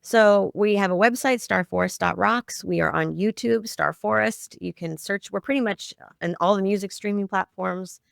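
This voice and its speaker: A woman's voice: mid-range voice, moderate pace, vocal fry, few pauses, clear, resonant tone, no room sound. A middle-aged woman telling a personal family story as a podcast guest, heartfelt and close to tears at times. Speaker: podcast guest, children's media founder. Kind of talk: interview storytelling.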